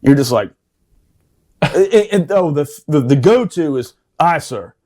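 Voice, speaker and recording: A middle-aged man telling a boot camp story on a podcast, profane and animated, laughing as he talks. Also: on the high side, unhurried. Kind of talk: casual storytelling chat.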